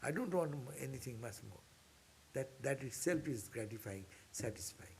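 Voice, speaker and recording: A man's voice: medium pitch, animated, moderate pace, a little mellow, a little hiss or hum. A man, a monk, giving an informal scripture class in an earnest, exhorting way that repeats key points. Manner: earnest, repetitive, exhorting, with sudden upward bursts. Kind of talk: informal spiritual class lecture.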